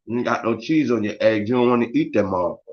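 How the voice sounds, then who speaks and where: A man chatting loosely on a morning live stream, full of slang and cussing as he calls out viewers by name. His voice sits at an ordinary middle pitch. The audio is dull and lo-fi. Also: animated, quick pace. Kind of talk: casual morning live chat.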